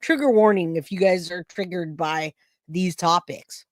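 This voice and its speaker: A Californian woman hosts a casual true crime live stream, chatting to her viewers by name and commenting on a case. Her voice is on the low side and unhurried, recorded dry.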